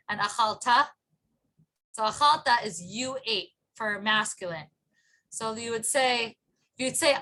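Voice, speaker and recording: Bright-voiced woman teaching over a video call. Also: a little high. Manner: patient, drills phrases aloud, laughs often. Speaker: Hebrew teacher. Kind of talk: online class instruction.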